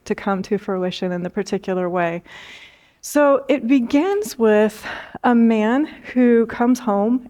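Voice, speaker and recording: Female spiritual teacher, slightly high voice, gentle storyteller who repeats phrases for emphasis. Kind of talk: spiritual talk.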